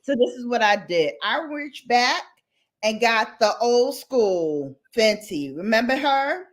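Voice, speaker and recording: A woman hosting a casual live stream, chatting with viewers and ranting in an animated, slangy way with lots of laughter. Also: fairly high pitch, slow. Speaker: livestream host. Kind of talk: casual live chat and rant.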